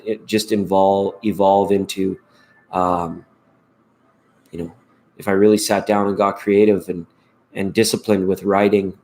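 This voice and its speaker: A man's voice: deep voice, a little mellow. A man hosting a live tarot stream, chatting casually and rambling playfully, often laughing.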